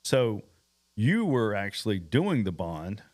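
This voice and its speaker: Man, bail bonds host, earnest warnings, lower voice. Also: big pitch swings, takes it slowly, a little mellow. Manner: earnest, warning tone, repeats points. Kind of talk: casual advice chat.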